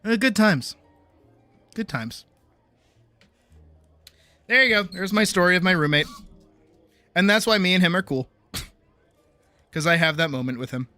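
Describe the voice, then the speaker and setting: A woman streamer telling a story in casual chat, animated, laughing often and swearing freely. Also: unhurried, long pauses, dry recording, faint music behind. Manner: quotes people in big high-pitched voices.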